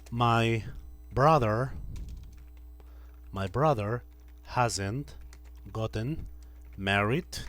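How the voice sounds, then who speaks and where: Slow, patient man teaching grammar. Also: mid-range voice, sing-song, creaky, fairly bright tone. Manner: slow, patient, repeats example sentences. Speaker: English teacher. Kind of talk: classroom grammar lesson. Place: classroom with students.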